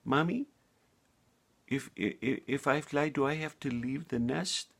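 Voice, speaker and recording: Guy doing a scared little girl robin chick, whiny and high, kinda gravelly. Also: a little slow. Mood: reluctant.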